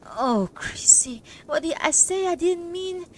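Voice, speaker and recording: A woman voicing a tearful, gushing woman who keeps apologizing, high and shaky with sobs. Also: expressive, measured pace, slight background noise. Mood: apologetic. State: sobbing.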